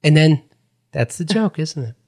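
A man's voice: on the high side, moderate pace. A man casually telling a story in a podcast chat, swearing a lot and acting out what others said. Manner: animated, swearing, acts out quotes.

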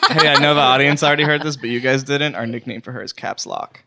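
A man's voice: mid-range voice, quick pace, creaky, pushed and bright. A man hosting a podcast, joking and teasing his co-hosts in casual banter, swearing freely and laughing often. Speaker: podcast host.

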